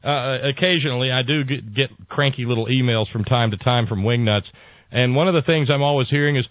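A man's voice: medium pitch, no room sound. A man with a mid-range voice hosts a political talk radio show. He halts and restarts, then eases into folksy jokes. His voice comes over a thin, phone-like line with a dry, close sound. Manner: halting, restarts, then folksy joke-telling.

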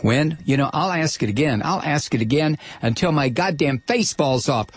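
Man, radio talk host, angry rant, rhetorical questions, husky, dry close sound. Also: a little high, expressive, normal speed, no room sound. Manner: angry, firing off repeated rhetorical questions, shouting at times. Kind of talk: impassioned political call-in radio rant.

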